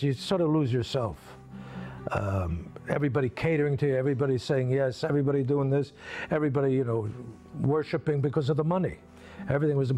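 A man's voice: mid-range voice, warm tone. A man being interviewed, reflecting thoughtfully and searching for his words.

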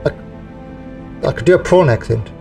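A man's voice: a little high, a little slow, gravelly, distant mic, faint music behind. Jokey man streaming a game. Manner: excitable, jokey, laughs often. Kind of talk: live gameplay commentary.

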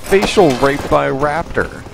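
A young man giving profane, excitable let's play commentary with yelling outbursts. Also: on the high side, measured pace, gravelly. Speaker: gamer. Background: game music and gunfire.

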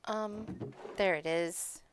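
A woman streaming Minecraft, chatting casually with herself and her chat as she plays, with sudden high yelps when startled. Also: fairly even intonation, drawn-out words, smooth. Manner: chatty, talks to herself and chat while playing. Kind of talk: casual gaming commentary.

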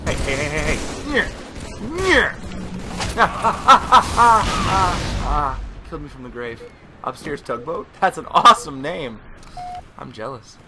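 A young man, still a student, commentating his own gameplay, yelping, shouting and swearing at the game. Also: a little high, expressive, takes it slowly, crowd noise. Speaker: gaming commentator. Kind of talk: casual live gameplay commentary. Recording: loud game sound under the voice. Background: shooter game sounds and gunfire.

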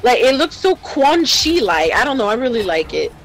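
Excitable woman calling fighting games. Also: a little high, moderate pace, a little hiss or hum, poor audio. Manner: excitable, laughs often, slangy hype. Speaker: fighting game commentator. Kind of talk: casual esports commentary.

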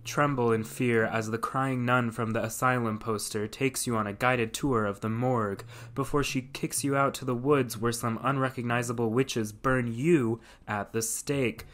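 A man's voice: medium pitch, fairly even intonation, moderate pace, few pauses, fairly bright tone. Guy reading his video essay script, dry and a bit sarcastic. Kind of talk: scripted narration.

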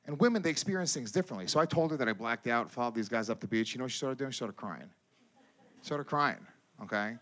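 A man performing a stand-up comedy set on stage, telling a crude story in an animated way and breaking into loud impressions. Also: mid-range voice, quick pace. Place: comedy stage before a live audience.

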